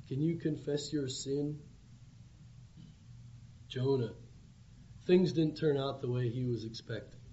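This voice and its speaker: A man's voice: mid-range voice, dark tone. A man preaching an evangelistic sermon, with earnest, pleading appeals. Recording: dull lo-fi recording with faint background hum.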